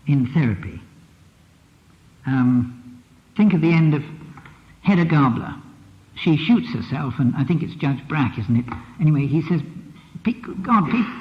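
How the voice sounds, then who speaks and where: A man giving a lecture as a psychotherapist, reflective and emphatic, often repeating a phrase with the stress shifted. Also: on the high side. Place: lecture hall. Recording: dull lo-fi archive recording in a reverberant hall.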